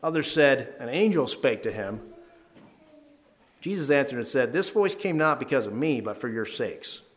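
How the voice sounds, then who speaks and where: A man with an ordinary, mid-range voice leads a Bible devotional. He reads the verses aloud and talks through them earnestly. He swells in pitch and volume whenever he wants a line to land. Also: animated, normal speed. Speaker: Bible teacher leading a devotional. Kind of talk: devotional Bible talk, reading scripture aloud.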